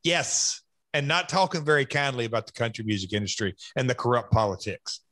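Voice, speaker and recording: A man's voice: medium pitch, expressive, sharp tone, dry recording. A Southern man in his fifties talks through old memories on his podcast, stopping and restarting as he thinks. His voice sits mid-range and sounds dry and close. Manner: reflective, halting, restarts. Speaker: podcast host. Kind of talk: casual podcast chat.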